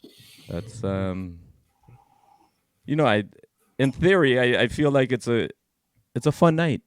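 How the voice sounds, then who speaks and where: A man co-hosting a live stream show, telling stories in a casual, animated way that swings from low mutters to loud bursts. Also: a little slow, smooth, no echo. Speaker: podcast co-host. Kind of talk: casual chat.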